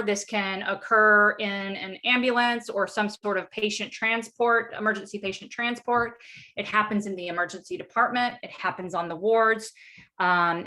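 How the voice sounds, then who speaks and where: A woman leads a medical education panel online, and her voice comes across bright and forceful. She speaks in a measured, thoughtful way, pausing on frequent ums as she sets up questions for the experts. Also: medium pitch.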